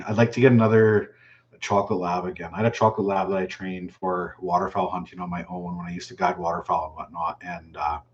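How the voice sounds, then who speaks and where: A relaxed man with a lowish voice hosts a casual live stream, reading out viewer questions and answering them offhand. The sound is a little dull and lo-fi. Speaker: fishing channel host answering live chat.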